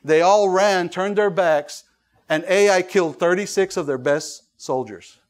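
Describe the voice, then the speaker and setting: Male pastor, high voice, animated sermon delivery with restarts and acted-out voices. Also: a little slow. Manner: animated preaching, acts out voices, many fillers and restarts.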